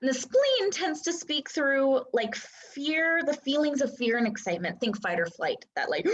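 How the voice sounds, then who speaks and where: Young adult woman, coach, casual teaching, filler-heavy, fairly high, muffled lo-fi recording. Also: expressive, a little slow. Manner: chatty, lots of "like" and "right?" fillers; acts out inner voices with whispers and gasps. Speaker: human design coach. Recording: dull lo-fi sound.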